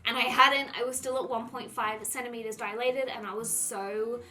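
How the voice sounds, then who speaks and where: A woman's voice: fairly high pitch, steady tone, normal speed, pushed and bright, soft background music. A young woman, casually telling a personal story to her viewers and filling her speech with "like". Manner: chatty, heavy use of "like", acts out her own past lines. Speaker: vlogger.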